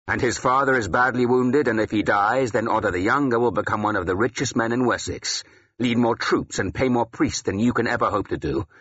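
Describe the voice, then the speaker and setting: A man voicing a gruff, battle-hardened older Saxon ealdorman who snarls and growls his blunt, weary words in an audiobook. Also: mid-range voice, a little fast, a bit bright, highs cut off, voice pushed up. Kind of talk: audiobook character voice.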